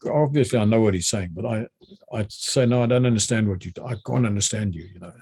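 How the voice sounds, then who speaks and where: An older man with a South African accent, a retired army general telling a story animatedly, with many restarts. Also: medium pitch. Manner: animated retelling, many restarts and repeated words. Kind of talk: anecdotal storytelling.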